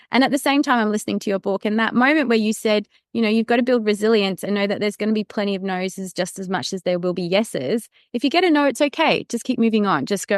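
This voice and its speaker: A woman hosting a podcast, with a smooth, clean voice in a dry, close sound. She keeps agreeing and encouraging as she talks. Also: medium pitch, quick pace, hardly any pauses, no room sound. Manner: affirming, encouraging. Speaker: podcast host. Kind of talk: casual podcast interview.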